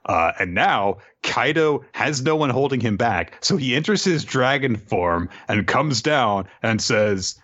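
A man's voice: mid-range voice, lively intonation, unhurried, hardly any pauses, a bit bright. A man on a podcast animatedly retelling an anime episode in casual, profane chat. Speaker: podcast co-host. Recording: dull lo-fi sound.

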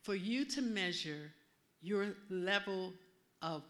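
Calm, measured God figure, voiced by a woman minister. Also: medium pitch, pitched below the performer's own voice. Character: God speaking calmly, male.

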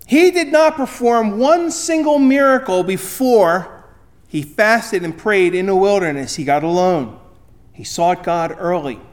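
Male pastor with a high voice, emphatic sermon delivery that swings between loud and quiet.

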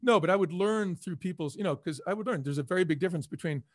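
Fast-talking, emphatic middle-aged man. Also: high voice, dry recording, clean studio sound. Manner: energetic, emphatic, acts out quoted people. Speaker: interview guest, former restaurant executive. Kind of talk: casual storytelling in a podcast interview.

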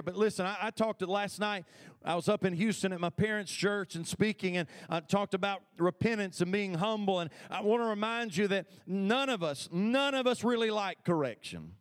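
A man's voice: high voice, normal speed. A man preaching a sermon as pastor, talking conversationally and calling for responses from the congregation. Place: church sanctuary.

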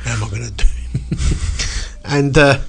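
A middle-aged man telling a story in a casual chat, animated and chatty with lots of asides. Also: mid-range voice, measured pace, slightly rough.

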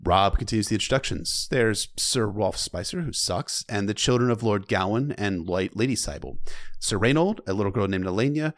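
A man's voice: lowish voice, expressive, moderate pace. A man with sardonic, irreverent asides, giving a comedic reading and recap of a novel. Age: adult, past sixteen. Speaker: book recap narrator.

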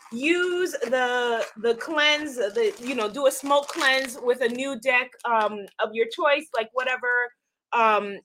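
A woman hosting a casual livestream, gushing excitedly and talking to her viewers. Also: on the high side. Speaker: livestream host unboxing a tarot deck.

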